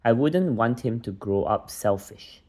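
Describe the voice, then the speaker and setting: A father voicing a quiet, fussy old grandmother who dislikes noise. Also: mid-range voice, lively intonation, unhurried. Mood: fretful.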